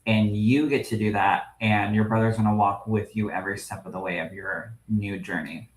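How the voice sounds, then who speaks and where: A man co-hosting a podcast as a medium, telling stories in a lively way, laughing often and greeting live viewers. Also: on the low side, normal speed, roomy sound, rough recording. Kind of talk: casual livestream chat.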